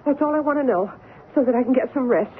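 A woman's voice: high voice, fast, natural voice. A woman playing a hysterical, sobbing woman playwright on old radio. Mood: anxious. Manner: wailing, stammering and desperate. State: crying. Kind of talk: 1970s radio drama acting. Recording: tinny 1970s radio broadcast, faint hiss.

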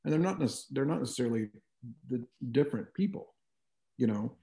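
A man's voice: mid-range voice, expressive, a little fast, gravelly, warm tone. A middle-aged man talking reflectively as an interview guest, with frequent "you know" asides. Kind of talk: conversational interview.

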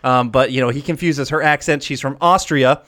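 A man's voice: medium pitch, normal speed, a bit bright. A man in his thirties co-hosting a podcast, chatting casually through a movie breakdown and laughing often. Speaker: podcast co-host.

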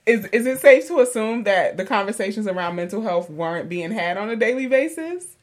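Woman podcast host, casual and chatty, quick to laugh. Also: mid-range voice, expressive. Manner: chatty, laughing, lots of fillers.

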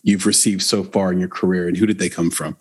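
A man hosting an interview, asking questions in an easygoing, halting way with fillers. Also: low-pitched, little pitch movement, husky. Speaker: interview host. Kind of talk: conversational interview.

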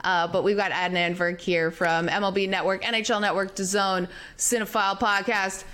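A woman's voice: medium pitch, fairly even intonation, brisk, fairly bright tone, clear, resonant tone. A Canadian woman hosting a podcast, casual and chatty. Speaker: podcast host. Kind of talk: casual chat.

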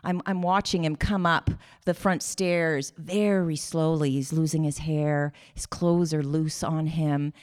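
A middle-aged woman, telling a personal story on stage, animated and acting out voices, restarting sentences as she goes. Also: deep voice, unhurried, few pauses, clean tone.

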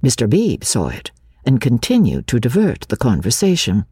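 A woman's voice: a bass voice, moderate pace, breathy edge, no echo, clean studio sound. A woman giving a dramatic reading of a classic novel, voicing each character as she narrates. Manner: expressive, gives each character a voice.

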